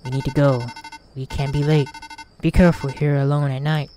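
A man's voice: on the high side, flat delivery, normal speed, mellow, close to an everyday voice. A man reading out the lines of a friendly young woman character from a game, in a plain read-aloud voice.

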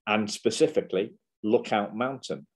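A man's voice: lowish voice, normal speed. A man hosting a podcast interview, speaking with frequent restarts and fillers. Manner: hesitant, many restarts. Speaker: podcast host.

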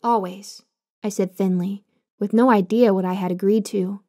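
A woman giving scripted horror story narration in a measured, hushed, suspenseful way. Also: medium pitch, steady tone.

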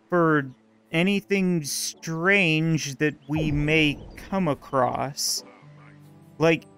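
A gaming host talks viewers through a playthrough in a loose, jokey way, the voice leaping all over its range. The pitch sits in a middle register, and faint game music runs quietly underneath. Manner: chatty, jokey, talking to viewers while playing. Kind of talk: casual let's-play commentary.

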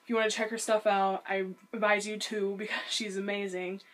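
A woman's voice: medium pitch, flat delivery, brisk, fairly bright tone. A woman gives casual reaction commentary on a friend's video. She is chatty and giggly, and she keeps apologizing as she talks.

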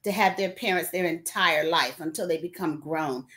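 A woman's voice: on the low side, normal speed, fairly bright tone. Earnest woman pastor sharing her story. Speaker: pastor and guest. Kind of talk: interview, personal testimony.

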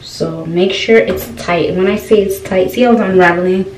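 Music plays in the background as a young beauty vlogger, medium-pitched and at a normal speed, gives a casual hair tutorial. She's chatty, constantly asking viewers "y'all" questions, and the recording sounds roomy and distant with faint noise.

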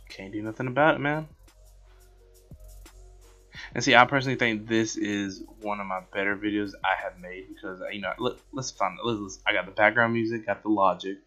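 A man casually commentating over his own gameplay footage, rambling, excitable and poking fun at himself. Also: on the low side. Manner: rambling, excitable, self-mocking. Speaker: gaming channel host. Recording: dull lo-fi with background music.

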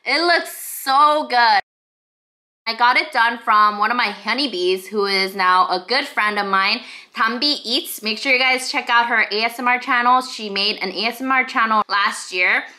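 A young woman hosts a mukbang, eating while chatting in a bubbly way to her viewers, whom she greets as honeybees. Her voice is on the high side and sharp in tone, at a moderate pace.

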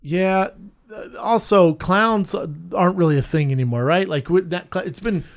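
A man's voice: high voice, moderate pace. A man co-hosting a podcast, telling stories in casual, profane banter. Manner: profane, animated storyteller. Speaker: podcast co-host.

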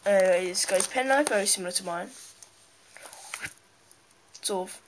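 A woman's voice: mid-range voice, moderate pace. A woman talking casually and rambling while she unboxes a toy and speaks to her viewers. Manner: rambling, chatty, talks while handling things. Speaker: toy collector vlogger. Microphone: handheld camera's built-in mic. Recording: loud noise, crinkling packaging.

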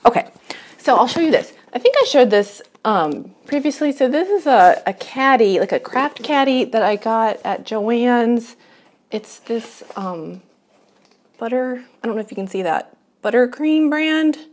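A woman talks freely to the camera she is filming herself with at home. Her pitch rises and falls a lot as she rambles from one thing to the next. She pokes fun at herself and laughs often. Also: expressive, a little slow. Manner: chatty, rambling, self-deprecating, laughs often. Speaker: knitting vlogger. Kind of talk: casual chat to camera.

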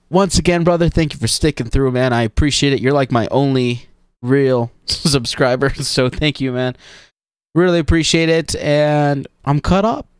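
A man streaming a video game, chatting casually and excitably, joking and laughing as he plays. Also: fairly high pitch, clear, resonant tone, dry recording, clean studio sound. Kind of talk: let's play commentary.

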